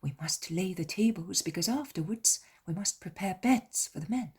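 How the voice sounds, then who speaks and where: Lady doing a shy young hostess, whispered role-play, low and breathy, storybook. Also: animated, moderate pace, a little mellow. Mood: gentle.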